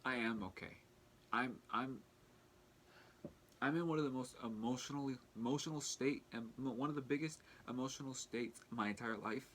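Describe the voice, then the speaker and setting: A young man talking earnestly in a personal vlog, halting and restarting as he fights back tears. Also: medium pitch, a bit bright, slight background noise. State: tearful, fighting back crying. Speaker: vlogger.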